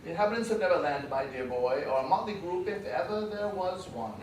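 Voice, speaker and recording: Man as a theatrical old crow, high and swooping, recorded from afar on an echoey stage. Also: expressive, brisk, slight background noise. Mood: storytelling. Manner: theatrical, relishing gory tales, chuckling. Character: old talkative male crow, theatrical and gloating. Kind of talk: stage play acting. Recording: echoey stage from a far mic.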